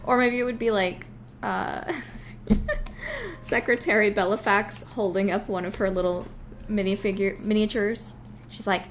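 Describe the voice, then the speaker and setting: A woman rambles on a live stream as she works, often breaking into giggles between her thoughts. Her voice sits at an ordinary middle pitch. Faint keyboard typing and a soft hiss can be heard behind her. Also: steady tone, normal speed, long pauses. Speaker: game developer streaming live. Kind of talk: casual live-stream chat.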